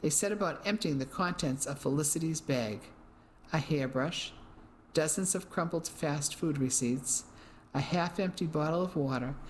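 An audiobook narrator reading a first-person mystery novel in a steady, even storytelling manner. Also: medium pitch, a little hiss or hum, rough recording.

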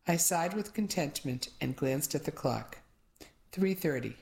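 Low-voiced woman reading a story aloud. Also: animated, measured pace, vocal fry, a little mellow. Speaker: audiobook reader. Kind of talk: audiobook narration.

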